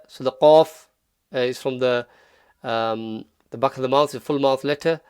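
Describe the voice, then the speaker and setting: A man teaching Quranic pronunciation in a relaxed tutorial, patiently repeating sounds slowly. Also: mid-range voice, clear, resonant tone, dry recording, studio quality. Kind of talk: relaxed tutorial, modelling Arabic phrases slowly.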